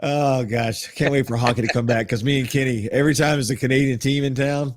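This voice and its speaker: A man's voice: medium pitch, steady tone, a little fast. A man co-hosting a podcast, chatting in an easygoing, agreeable way. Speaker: podcast co-host. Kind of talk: casual chat.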